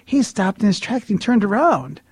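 High-voiced man telling a lively story. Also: normal speed, a little hiss or hum. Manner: lively, swings between loud and hushed. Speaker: storyteller sharing a personal testimony. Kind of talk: animated personal storytelling.

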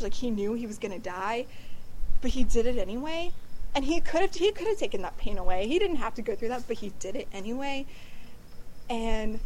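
A woman's voice: on the high side, warm tone. A young woman in her late teens giving a chatty, earnest talk to confirmation students and parents, on a noisy recording with clicks. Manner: chatty, earnest, frequent 'like'. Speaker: youth speaker at a confirmation event. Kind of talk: casual inspirational talk.

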